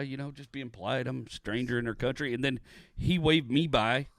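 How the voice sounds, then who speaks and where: A man from Houston, co-hosting a comedy podcast and telling stories with animated, acted-out quotes. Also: medium pitch, normal speed, no echo, studio quality. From Houston, Texas. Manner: animated, acts out quotes, laughs often. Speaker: podcast co-host. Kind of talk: casual comedic storytelling.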